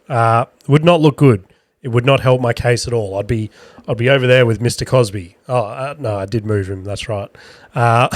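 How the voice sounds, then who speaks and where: A man, hosting a podcast and telling a crude, self-deprecating story in a casual, animated way. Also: mid-range voice, no room sound, studio quality. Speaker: podcast host.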